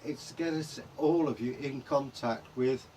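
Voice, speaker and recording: A man's voice: mid-range voice, a little slow, dark tone, slight background noise. An English man co-hosting a vlog in casual chat, rambling and trailing off mid-sentence. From England. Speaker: vlog co-host.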